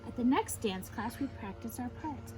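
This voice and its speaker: A woman, a teacher, reading a picture book aloud to children in an animated way, stopping to explain the fancy words. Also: a little high, normal speed, music in the background, rough recording.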